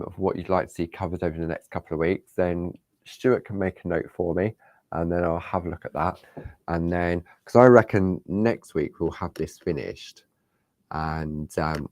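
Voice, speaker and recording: A middle-aged man with a low, slightly mellow voice leads a live crafting tutorial, and the recording is dry. He's chatty and reassuring, speaking directly to his viewers as he demonstrates.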